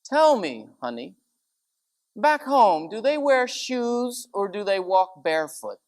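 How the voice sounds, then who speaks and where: A man's voice: high voice, big pitch swings, takes it slowly, pitched above the performer's own voice, exaggerated voice. A man voicing a snooty, proper English lady who talks down sweetly. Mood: condescending. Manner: condescending, sugary.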